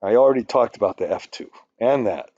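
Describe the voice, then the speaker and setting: A man's voice: lowish voice, brisk, darkish tone, no echo, lo-fi sound. An older man teaching a spreadsheet tutorial, rambling and ranting, with swearing when annoyed. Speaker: instructor. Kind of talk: screen-recorded spreadsheet tutorial.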